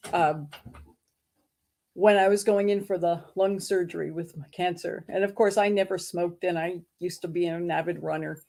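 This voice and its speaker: A woman's voice: on the low side, dark tone. A woman hosting an interview, sharing her own experience in a reflective, personal way. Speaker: podcast host. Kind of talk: casual interview chat.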